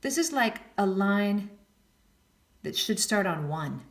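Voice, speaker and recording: A woman's voice: mid-range voice, very animated, slow. A woman giving a casual jazz piano lesson, counting beats aloud and scatting lines, with chatty self-deprecating asides. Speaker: piano teacher. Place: room with a piano. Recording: echoey room with piano underneath.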